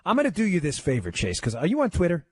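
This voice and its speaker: A man guest-hosting a talk radio show, taking calls and making his points with rapid-fire emphasis. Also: a little high, huge pitch swings, darkish tone, husky, no echo.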